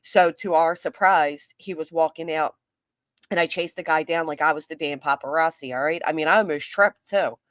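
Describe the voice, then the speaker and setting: A woman's voice: sits low, moderate pace, a bit bright, no room sound, clean studio sound. Chatty woman greeting her livestream chat. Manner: chatty, greets viewers by name. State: losing her voice. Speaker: livestream host.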